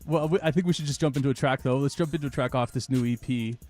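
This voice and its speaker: A man's voice: medium pitch, quick pace, a little mellow, faint music behind. A man with a Canadian accent hosting a radio interview, chatty and laid-back. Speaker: radio host.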